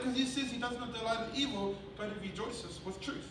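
Animated New Zealand preacher in echoey hall. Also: male voice, very high voice, brisk, far from the mic. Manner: animated storytelling, swings between loud laughing bursts and quiet earnest passages. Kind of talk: sermon with personal story. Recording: echoey hall, recorded from afar, with noticeable background noise.

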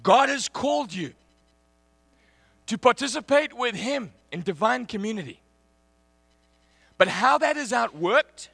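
A man preaching a sermon, telling a personal story in an animated way and laughing often. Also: very high-pitched, gravelly, no room sound.

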